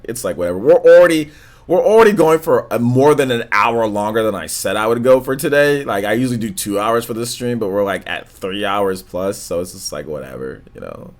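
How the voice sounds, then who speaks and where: A man hosting a live stream, chatting casually with viewers in a low, monotone, laid-back way, full of slang and filler words. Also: moderate pace. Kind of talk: casual stream chat, reading donations and comments.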